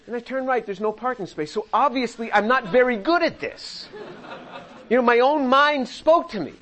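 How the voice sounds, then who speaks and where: An older man with a high voice leads a Bible study, talking through the verses in a conversational way. He acts out the voices he quotes and slips in small chuckles. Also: lively intonation, moderate pace, fairly bright tone, poor audio. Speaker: Bible teacher and chemist.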